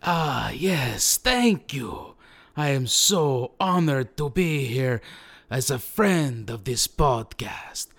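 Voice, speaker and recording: A man's voice: medium pitch, lively intonation, slow pace, a bit bright, heavily acted. A man impersonating a male movie star who presents awards in a pompous, over-formal way.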